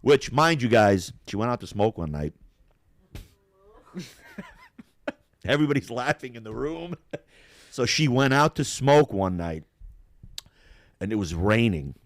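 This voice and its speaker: Lively, profane man telling a story. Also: mid-range voice, measured pace, long pauses, dry recording. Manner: animated, profane, laughing storyteller. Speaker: podcast host. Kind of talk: casual storytelling chat.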